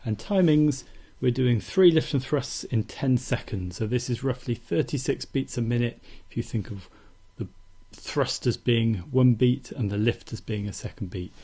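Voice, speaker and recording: A man calmly teaching acupuncture technique in a steady, methodical instructional demonstration. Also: medium pitch, moderate pace, hardly any pauses, breathy edge. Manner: calm, steady, methodical explaining.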